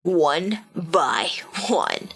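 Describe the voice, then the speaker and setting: A man's voice: a little high, sing-song, extremely slow, creaky, fairly bright tone, husky, voice pushed down, exaggerated voice. A woman voicing a cocky young male bully with an Australian accent, in a taunting, mocking drawl. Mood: menacing. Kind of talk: game dialogue read aloud.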